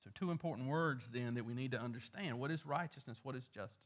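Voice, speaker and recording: A man's voice: mid-range voice, fast. A male pastor, preaching a sermon, building in emphasis on key points.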